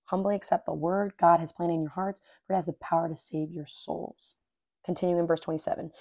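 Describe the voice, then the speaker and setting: Earnest, mellow-voiced woman podcaster. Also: on the low side, steady tone, a little fast, gravelly, no echo, clean studio sound. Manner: earnest and informal, says "dude" and "like"; reads scripture aloud and repeats verses. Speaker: podcast host. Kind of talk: casual devotional podcast with Bible reading.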